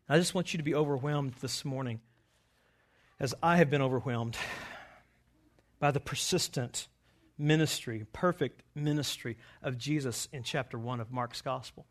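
A male pastor preaching a sermon slowly and emphatically, his voice swelling loud when he quotes scripture. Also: on the high side.

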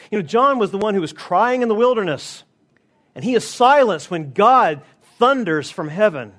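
A high-voiced man delivers a sermon. He preaches emphatically and slows right down to stress key phrases. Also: fairly bright tone. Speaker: pastor.

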